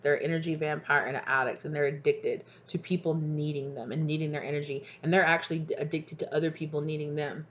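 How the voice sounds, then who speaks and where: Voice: medium pitch, fairly bright tone, a little hiss or hum. A tarot reader giving a casual reading to viewers, talking in a chatty, emphatic, slangy way, acting out the people being described and mumbling asides over the cards.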